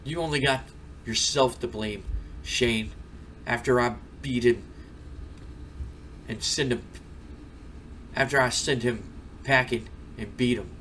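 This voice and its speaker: A man's voice: mid-range voice, takes it slowly, long pauses, sharp tone. Whining cocky male wrestler, read by a man, indignant, faint noise. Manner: indignant complaining. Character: arrogant male wrestler, whining, self-important.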